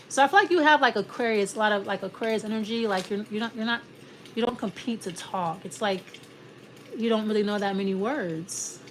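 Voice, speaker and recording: A woman's voice: medium pitch, brisk, slight background noise. Rambling woman giving a tarot reading. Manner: rambling, restarts often, acts out quoted exchanges. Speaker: tarot reader. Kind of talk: casual tarot reading monologue.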